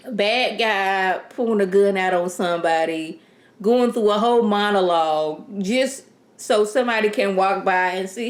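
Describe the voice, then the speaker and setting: A woman casually reviewing a TV episode in a sassy, animated, rambling way. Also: medium pitch, moderate pace. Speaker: TV show reviewer. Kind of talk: casual chat.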